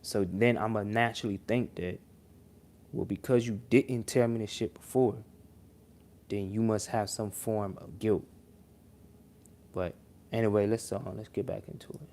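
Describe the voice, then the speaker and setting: Rambling low-voiced man reacting on stream. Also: fairly even intonation, a little slow, long pauses, a little mellow, slight background noise. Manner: rambling, conversational, lots of restarts and slang. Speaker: livestream reaction host. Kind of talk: casual reaction commentary.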